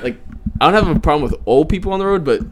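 A man's voice: fairly high pitch, expressive, rapid-fire, background noise. A young man hosting a casual podcast with friends, telling rambling stories and laughing often. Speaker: podcast host.

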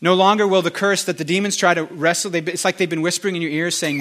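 A man giving a spoken prophetic prayer over a couple, earnest and repetitive, with halting restarts. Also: fairly high pitch, fairly even intonation, sharp tone. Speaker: prophetic minister.

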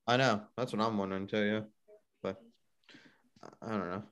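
A man's voice: fairly low pitch, steady tone, moderate pace, fairly bright tone, clean tone. Rambling young-sounding man chatting. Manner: rambling, heavy use of "like". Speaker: podcast co-host. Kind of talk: casual chat.

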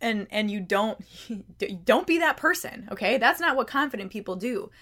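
A woman's voice: on the high side, expressive, moderate pace, sharp tone. A woman hosting a self-help podcast, talking conversationally with emphatic rhetorical questions and frequent repeated words. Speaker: podcast host.

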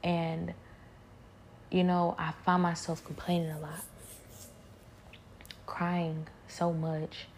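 A woman talking earnestly about her faith on a podcast, halting often and slipping into soft whispered prayers. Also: fairly low pitch, level tone, slight background noise. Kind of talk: personal faith reflection.

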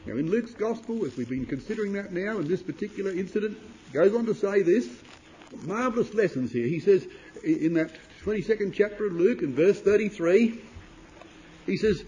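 Man, high pitch, sermon, emphatic, loud then hushed, old-fashioned scripture reading. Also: lively intonation, a little fast, rough recording. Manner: emphatic, rising to loud declamation then dropping low; reads scripture in old-fashioned King James wording. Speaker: preacher.

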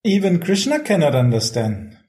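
A man reading a devotional text aloud in a measured, careful way. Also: fairly high pitch, wildly swooping pitch, darkish tone, low-quality recording. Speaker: reader of scripture.

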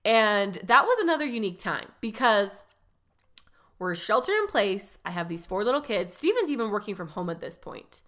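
A woman's voice: mid-range voice, fairly bright tone. A woman in her thirties hosting a podcast, telling a personal story in a candid, chatty way that often breaks off mid-thought. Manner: candid, chatty, self-interrupting. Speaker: podcast host.

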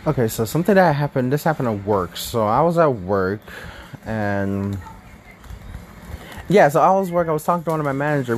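A young man casually telling a story to his viewers, animated, laughing often and restarting his sentences. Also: medium pitch, slight background noise. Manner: animated, laughing, self-correcting. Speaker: vlogger.

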